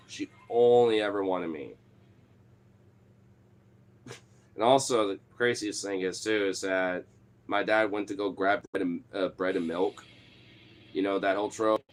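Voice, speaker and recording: A man's voice: on the low side, fairly bright tone. Laid-back, profane young man rambling. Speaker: host telling a personal story. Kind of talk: casual storytelling monologue.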